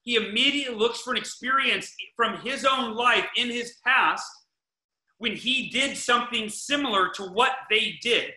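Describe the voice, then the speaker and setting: A podcast host talks parenting in a casual, energetic, emphatic style, frequently going back over his words and restarting sentences. His voice is very high-pitched at a moderate pace, captured in an echoey room.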